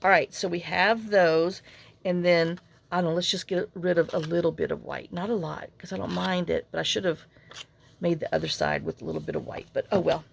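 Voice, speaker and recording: A woman's voice: fairly low pitch, fairly even intonation, brisk, creaky, a little hiss or hum. A woman hosting a casual crafting tutorial, chatty and rambling as she talks viewers through her work. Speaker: crafting channel host.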